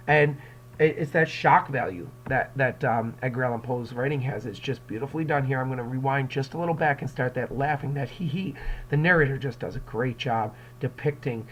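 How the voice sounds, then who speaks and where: A man's voice: medium pitch, normal speed, rough recording. A male English teacher giving a casual recorded lecture, rambling with many fillers and repeated words, and acting out quotes with raised voices.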